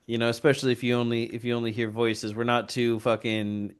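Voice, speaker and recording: Swearing freely, this podcast co-host animatedly recounts a movie's story and voices the characters' dialogue himself. He speaks a little fast in a medium-pitched, clear, resonant voice.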